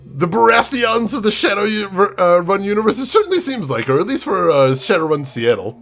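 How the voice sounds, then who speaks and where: A man's voice: high voice, sing-song, fairly quick, gravelly, a bit bright. A man casually commenting on a game he is playing, chatty with fillers. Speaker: gameplay streamer. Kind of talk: casual let's play commentary.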